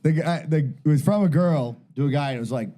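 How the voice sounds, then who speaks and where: A man's voice: on the high side, quick pace, mellow. A man co-hosting a podcast, telling stories in a rambling, foul-mouthed, self-mocking way. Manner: rambling, swears constantly, self-mocking bravado. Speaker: podcast co-host. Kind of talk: casual crude banter.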